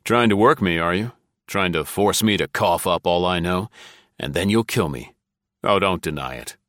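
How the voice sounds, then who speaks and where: Male reader as young american agent, cool, curt, deep voice. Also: normal speed, fairly bright tone, dry recording, clean studio sound.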